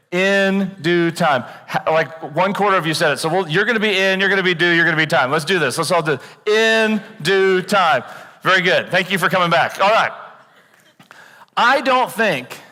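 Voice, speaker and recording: A man preaching a sermon in a church, animated and joking, acting out worried voices. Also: on the high side, long reverb tail. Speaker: pastor. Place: church auditorium.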